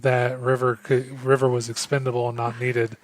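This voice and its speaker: A man acting as game master, explaining the rules and setting the scene in a relaxed, rambling way. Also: mid-range voice, normal speed, dry recording. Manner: relaxed, rambling, filler-heavy. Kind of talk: narrating a tabletop game.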